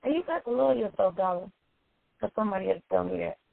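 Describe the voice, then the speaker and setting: A woman's voice: mid-range voice, expressive, fast talker, vocal fry, dry recording. A woman life coach giving an emphatic, preachy self-help monologue and repeating her points for effect. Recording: tinny phone-like dry sound.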